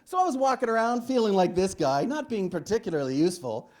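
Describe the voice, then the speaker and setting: A man delivering a stand-up keynote on stage, his pitch rising and falling with animated range as he tells his story. He acts out both sides of a talk with his doctor, speaking to a live audience through a stage microphone. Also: fast talker. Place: large hall with a live audience.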